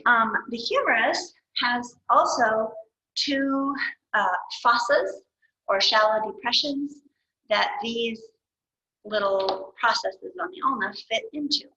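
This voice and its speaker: Woman anatomy teacher, bright, slightly high voice, self-correcting, muffled lo-fi recording. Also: a little hiss or hum. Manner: patient, thinking aloud, corrects herself. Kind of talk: explaining anatomy while drawing. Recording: dull lo-fi recording.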